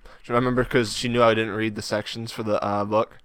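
A man's voice: lowish voice, flat delivery, a little fast, a bit bright, smooth, dry recording. A young man co-hosting a podcast in casual chat, teasing and laughing often. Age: young adult. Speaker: podcast co-host.

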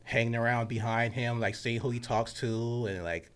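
A man telling a story in a casual podcast chat, with a lively delivery that drops to hushed asides and bursts into loud laughs. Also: medium pitch, normal speed, clear, resonant tone. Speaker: podcast host and sports reporter.

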